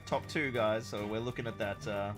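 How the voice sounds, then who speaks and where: A man's voice: lowish voice, normal speed, over loud music. A Scottish man hosting a casual livestream, joking and thinking aloud with fillers. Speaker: streamer host.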